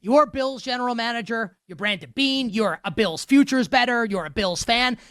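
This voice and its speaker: A man hosting a sports betting show, ranting sarcastically through an animated monologue of game commentary. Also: very high voice, normal speed, no echo, clean studio sound.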